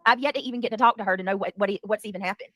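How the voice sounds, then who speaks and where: A woman hosting a heated livestream, talking fast and defensively with many restarts. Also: medium pitch, pushed and bright. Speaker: livestream commentary host. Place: home.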